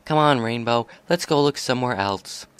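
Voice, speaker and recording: A man's voice: mid-range voice, moderate pace, clear, resonant tone, no room sound, close to an everyday voice. A man reading aloud and voicing a courteous, slightly nervous young female unicorn pony. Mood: reassuring.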